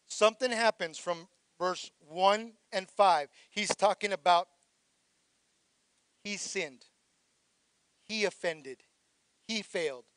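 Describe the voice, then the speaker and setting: A male pastor preaching a sermon, rising into shouted calls for praise and dropping quiet for reflective passages. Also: high-pitched, smooth, no echo.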